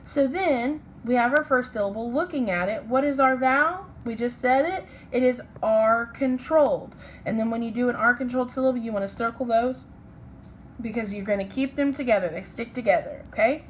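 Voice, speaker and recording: A woman's voice: a little high, brisk, a little hiss or hum, low-quality recording. A woman teaching a recorded phonics lesson to children. She explains step by step, keeps checking in with "okay?", and corrects her own slips with an apology. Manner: patient, checks in with "okay?" and "right?".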